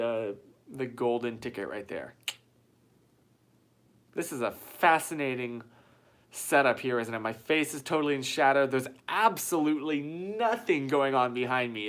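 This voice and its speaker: The voice is a man's, medium in pitch and a bit bright. He's casually live streaming from a small room with white walls, being chatty and self-mocking as he reads viewer comments into a phone.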